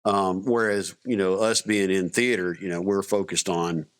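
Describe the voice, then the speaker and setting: Low-voiced middle-aged man, rambling stories. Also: steady tone, moderate pace, clean tone. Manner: rambling, many restarts, acts out quotes. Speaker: podcast guest, Army veteran. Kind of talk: casual storytelling interview.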